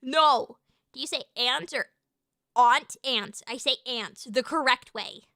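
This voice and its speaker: A woman's voice: high voice, measured pace, bright, forceful tone, no echo, studio quality. A woman from the United States chatting on a livestream, ranting and swearing in a playfully indignant way. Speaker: streamer. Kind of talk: casual livestream chat.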